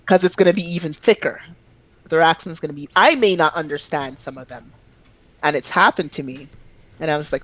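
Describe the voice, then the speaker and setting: A woman from Quebec chatting on a podcast, telling animated stories with sudden high-pitched outbursts and swearing freely. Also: brisk, low-quality recording. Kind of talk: casual chat.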